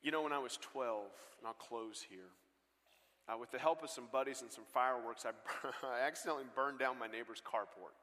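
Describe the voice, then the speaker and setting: A man preaching a sermon and telling stories with earnest swings between loud bursts and hushed lines, on a stage mic in a large church. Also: medium pitch, brisk. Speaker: guest pastor. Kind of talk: sermon storytelling. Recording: long hall reverb.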